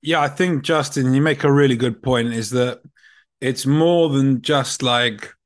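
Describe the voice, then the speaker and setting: A man of middle pitch hosts a casual podcast. He builds on his guest's points in a reflective, affirming way. He leans on fillers as he thinks out loud. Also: measured pace. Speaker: podcast host.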